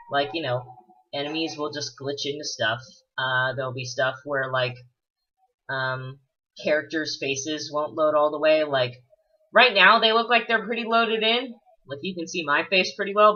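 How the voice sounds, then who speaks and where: Over a dull, lo-fi recording, a male gameplay commentator speaks with a bright, forceful tone at medium pitch. His casual let's-play chatter wanders, leaning on fillers and dropping a swear word now and then.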